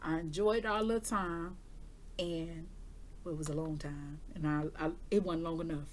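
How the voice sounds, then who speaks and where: A woman's voice: deep voice, fairly even intonation, normal speed, slight background noise. A woman who does intuitive readings, telling her viewers a personal story in a candid, chatty way. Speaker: intuitive reader giving weekly forecasts.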